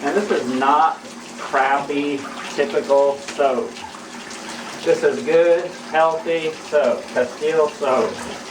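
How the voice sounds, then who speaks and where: In an echoey bathroom, a man with a slightly high, steady voice talks slowly while washing clothes by hand in a tub, rambling and preaching with many restarts in a casual how-to vlog. He's far from the mic, with background noise and running water.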